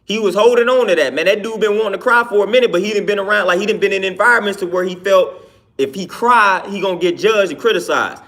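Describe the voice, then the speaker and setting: A man's voice: sits high, fast talker, sharp tone. A man, a personal trainer, giving an earnest casual monologue and often tagging his sentences with "man.". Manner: earnest, repeats "man" and "you know what I'm saying".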